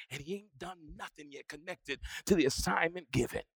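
A male pastor preaching a sermon, moving from quiet teaching to shouted, rising preaching and back down to near-whispers. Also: on the high side, moderate pace, gravelly, few pauses, breathy edge, no room sound.

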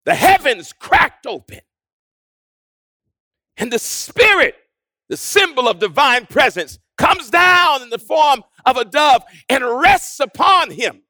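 A preacher delivers a sermon in a very high, bright voice with a gravelly edge. His pitch swings widely as he builds to shouted, repeated lines and then falls to near-whispers. The sound is dry and close. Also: big pitch swings, slow, no room sound. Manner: rhythmic preaching with shouted build-ups and hushed drops.

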